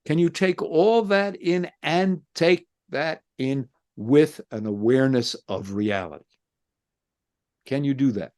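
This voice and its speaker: A philosophy professor and author answers an interview in a reflective monologue, speaking slowly in a mid-range voice with a darkish tone. He makes his points through impassioned rhetorical questions.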